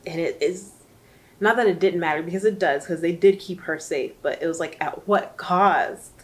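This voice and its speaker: A woman's voice: on the low side, brisk. A woman reviewing a book in casual chat, chatty and emotional, rambling with lots of fillers.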